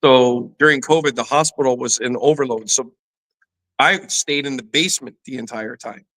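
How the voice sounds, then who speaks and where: A man's voice: medium pitch, normal speed, fairly bright tone, poor audio. Candid middle-aged man sharing a personal story. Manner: emotional, candid, lots of "you know" fillers. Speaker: guest, former pro football player and fitness trainer. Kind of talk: personal storytelling in a podcast interview.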